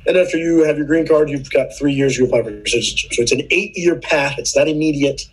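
A man's voice: fairly high pitch, fast, breathy edge, rough recording. A man, a podcast guest, explaining immigration policy in casual political chat, earnest and patient, often restarting his sentences.

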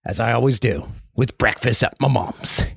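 A man's voice: medium pitch, moderate pace, vocal fry, slightly rough, no echo, studio quality. A man hosting a podcast, from Canada, telling rambling jokey stories in a casual comedic monologue. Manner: rambling, jokey storytelling with lively swings. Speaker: podcast host.

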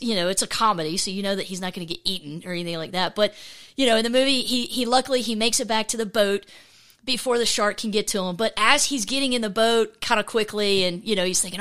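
A woman's voice: mid-range voice, clear, resonant tone. Chatty woman podcast host. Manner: chatty and animated, with lots of fillers and restarts; acts out quoted voices. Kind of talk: casual faith podcast monologue.

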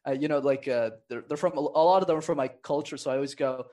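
Animated man coaching on conversation. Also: medium pitch, fast. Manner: animated, acts out quoted voices. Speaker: podcast guest, communication coach. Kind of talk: casual conversational advice.

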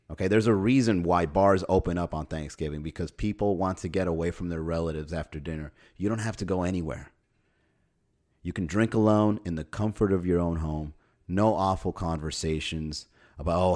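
This podcast host has a low, darkish voice and runs through a casual comedy monologue full of sarcasm and dry wit. He laughs at his own lines and swears without a second thought.

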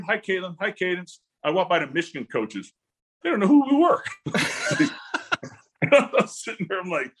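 Husky man telling animated stories. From Illinois. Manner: animated, acts out quotes with jumps in pitch. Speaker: guest, parent of a volleyball recruit. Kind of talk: casual storytelling.

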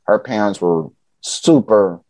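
A man's voice: on the low side, slow, dry recording. A man from Chicago, a podcast guest telling stories in casual talk, acting out what people said, loose and a little profane. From Chicago, USA. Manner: animated, acts out quoted dialogue, casual and profane. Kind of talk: casual storytelling conversation.

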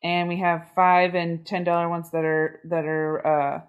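A woman co-hosting a podcast in casual chat, who tells anecdotes in an animated way. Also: on the low side, a little slow, smooth, phone-quality sound. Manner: animated, acts out anecdotes in voices. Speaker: podcast co-host.

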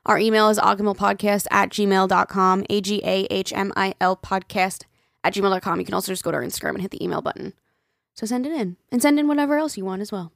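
A woman's voice: medium pitch, steady tone, fast talker, vocal fry, dry recording, clean studio sound. A woman co-hosting a casual podcast, reading listener emails aloud and chatting, swearing freely and laughing often. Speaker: podcast co-host.

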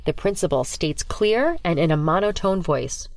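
Measured woman storyteller, dry close sound. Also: lowish voice, no echo. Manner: steady, measured reading. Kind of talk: scripted narration of a spooky children's story.

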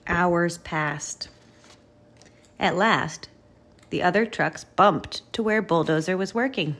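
Slow gentle woman reading a picture book. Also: fairly low pitch. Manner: gentle, expressive, warmly encouraging. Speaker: storybook reader.

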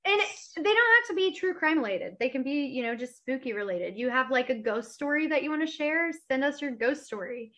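A woman's voice: high voice, very animated, fairly quick, hardly any pauses, sharp tone. A woman co-hosting a true crime podcast, telling the story in casual chat with frequent laughs and trailing off. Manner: giggly, chatty, trailing off. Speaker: podcast co-host.

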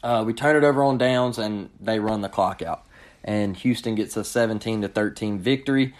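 A man's voice: on the low side, moderate pace. A man hosting his own sports show, giving frustrated, ranting commentary and often repeating himself. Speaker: sports podcast host.

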